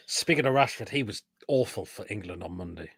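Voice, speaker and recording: A man's voice: fairly low pitch, lively intonation, fairly quick, vocal fry, a bit bright, breathy edge, no echo. Male host of a live football chat show, blunt and sweary, dry close sound. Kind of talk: casual live football chat, reading viewer comments.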